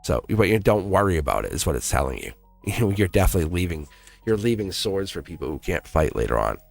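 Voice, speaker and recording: Low-pitched man, live tarot reading, earnest and repetitive, laughs a lot, faint music behind. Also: big pitch swings, quick pace, vocal fry. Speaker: tarot reader.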